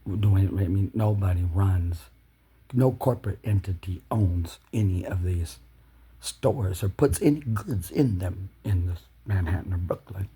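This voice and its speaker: A man delivering an angry, swearing monologue to camera, ranting with loud shouted bursts. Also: low voice, measured pace, slightly rough. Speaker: video blogger.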